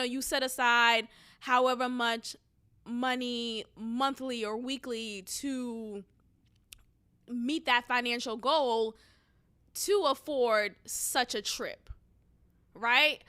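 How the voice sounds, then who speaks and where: A young woman talks through her podcast alone in a loose, unscripted way. Her voice sits high and sounds bright. She speaks frankly, swears without thinking twice, and breaks into laughter as she airs her frustrations. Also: clear, resonant tone. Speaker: podcast host. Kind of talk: casual solo podcast chat.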